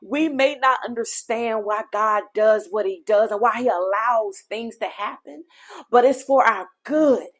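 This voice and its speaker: A woman's voice: on the high side, a little slow. A woman podcast host telling a personal faith testimony in an earnest, heartfelt way, speaking directly to her listeners.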